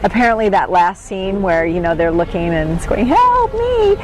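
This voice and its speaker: A woman's voice: on the low side, fairly quick. A middle-aged woman being interviewed, talking conversationally with fillers. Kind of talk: casual interview talk. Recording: recording with noticeable background noise.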